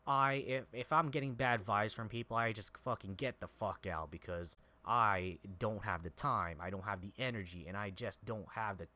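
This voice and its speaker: A man's voice: lowish voice, moderate pace, few pauses, pushed and bright. A man streaming a game and giving a heated, profane, repetitive personal rant. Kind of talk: angry personal rant over gameplay.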